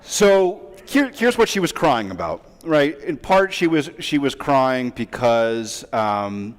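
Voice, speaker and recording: Chatty rabbi in a reverberant hall. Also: male voice, mid-range voice, sing-song, slow pace. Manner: chatty, self-deprecating, with many fillers and asides. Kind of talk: conversational sermon storytelling. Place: large synagogue sanctuary. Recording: long reverb of a large hall.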